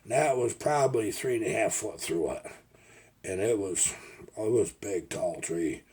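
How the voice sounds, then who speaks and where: Older man, husky, lowish voice, rambling folksy storyteller, casual vlog. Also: animated, moderate pace, a little mellow. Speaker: retired logger vlogger.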